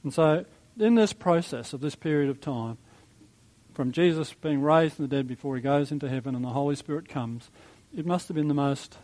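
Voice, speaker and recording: Man, pastor, sermon, fairly high voice, relaxed and reflective. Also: moderate pace, poor audio. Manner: conversational, reflective, with soft chuckles and fillers.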